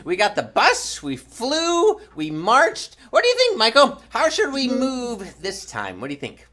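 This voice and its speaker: A woman's voice: a little high, wildly swooping pitch, measured pace, fairly bright tone. A young woman hosting a children's show, bubbly and sing-song, talking straight to the kids at home. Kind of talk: playful children's show talk.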